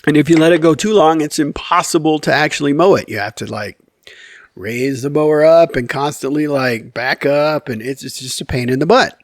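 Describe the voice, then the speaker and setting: A man's voice: a little high, moderate pace, dry recording, studio quality. A man telling a casual story to his channel's viewers, rambling and candid, with many fillers, self-corrections and wry, self-deprecating humor. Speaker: YouTube storyteller.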